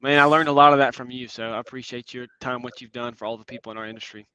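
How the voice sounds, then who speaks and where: A man in his twenties giving an earnest, reflective conference talk and answering questions, often pausing with "um". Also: mid-range voice, fairly even intonation, pushed and bright, a little hiss or hum. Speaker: conference speaker. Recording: dull lo-fi sound.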